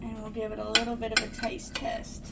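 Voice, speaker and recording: A woman's voice: a little high, a little fast, vocal fry, heavy background noise. A woman chatting to viewers while baking in her small home kitchen. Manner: chatty, easily excited, talks to viewers as "guys". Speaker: home cooking vlogger. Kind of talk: casual cooking demonstration.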